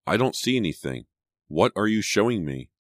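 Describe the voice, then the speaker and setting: A man's voice: very deep voice, moderate pace, no echo, clean studio sound. A man voicing an anxious, shaken teenage girl in an audiobook, sounding jumpy and alarmed. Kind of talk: audiobook character voice.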